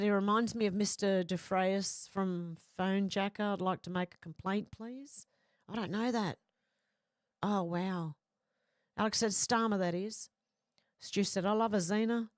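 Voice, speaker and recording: A woman with an Australian accent and medium pitch hosts a casual livestream, reading viewer comments aloud and bluntly giving her own opinions in reply. The sound is dry and clean, like a studio.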